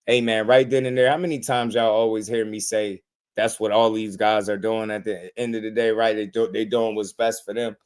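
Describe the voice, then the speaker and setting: A man's voice: fairly low pitch, normal speed, clean tone. A man hosting a boxing channel, ranting in casual commentary, repeating himself and calling listeners bro. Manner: animated, repetitive, slangy, calls listeners bro.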